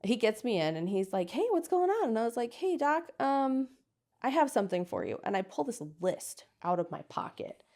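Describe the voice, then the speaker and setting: Brisk and mid-range with vocal fry, this American woman in her thirties shares a personal story as a guest in an interview. She narrates with energy, performing the voices of everyone she quotes.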